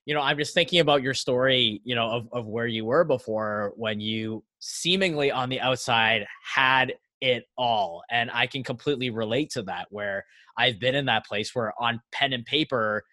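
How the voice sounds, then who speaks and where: A man's voice: medium pitch, moderate pace, sharp tone, dry recording. A man hosting a podcast, asking long empathetic questions. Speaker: podcast host. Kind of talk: interview questions.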